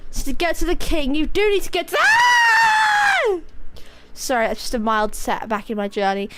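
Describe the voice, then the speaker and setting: A woman's voice: a little high, lively intonation, fast talker, raised voice, over a noisy crowd, heavy background noise. A woman streaming a video game, giving rambling, giggly, self-mocking commentary. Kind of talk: casual gameplay commentary.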